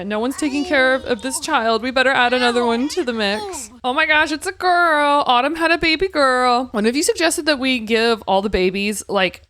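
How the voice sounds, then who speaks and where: A woman's voice: a little high, a bit bright. A woman hosting a gaming channel, giving casual gameplay commentary in a chatty, giggly, wry way.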